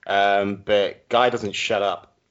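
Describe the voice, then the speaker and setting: Man, lowish voice, halting, lots of ums, dry humor, muffled lo-fi audio. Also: flat delivery. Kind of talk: casual comedic chat. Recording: dull lo-fi sound.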